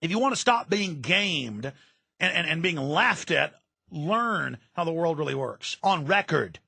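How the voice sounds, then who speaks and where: Man, radio talk host, ranting monologue, high tense voice, dry studio sound. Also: lively intonation, a little slow, creaky, sharp tone, breathy edge, no room sound. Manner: intense, ranting, repeats words when worked up.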